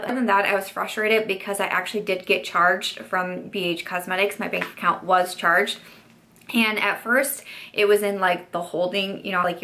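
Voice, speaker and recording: A woman's voice: medium pitch, pushed and bright. A young woman beauty YouTuber telling a chatty story-time vlog, full of "like" and "you know" fillers.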